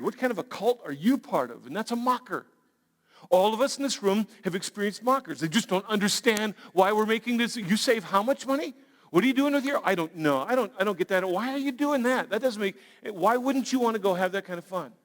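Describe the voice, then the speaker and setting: A man preaching a sermon as a pastor, animated, acting out quoted voices and asides. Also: sits high. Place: large church auditorium. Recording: long reverb of a large church hall.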